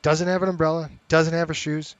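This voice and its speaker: A man's voice: fairly high pitch, little pitch movement, a little fast, no echo. Chatty middle-aged man, dry close mic. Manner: chatty, talks straight to viewers. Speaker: flight sim streamer. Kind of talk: casual live-stream chat and commentary.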